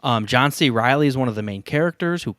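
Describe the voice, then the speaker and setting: A man co-hosting a podcast, rambling in casual chat, with frequent restarts and an animated delivery. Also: medium pitch, quick pace, dry recording, clean studio sound. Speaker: podcast co-host.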